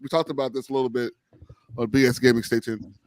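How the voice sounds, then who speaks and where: A man co-hosting a laid-back podcast, talking with eager enthusiasm and quick jokes, swearing freely. The sound is close and dry, with no room around him. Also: medium pitch, little pitch movement, dry recording. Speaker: podcast co-host. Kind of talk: casual chat.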